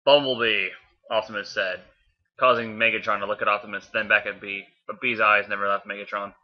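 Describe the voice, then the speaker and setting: A man's voice: fairly low pitch, little pitch movement, fairly quick. A man casually reading fanfiction aloud, offhand, often stumbling and correcting himself. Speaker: fanfiction reader. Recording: dull lo-fi home recording.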